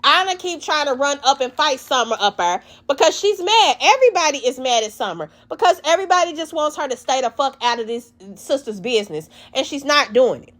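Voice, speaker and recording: A woman recapping a reality show in blunt, profane, animated casual talk. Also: high voice, a little fast, hardly any pauses.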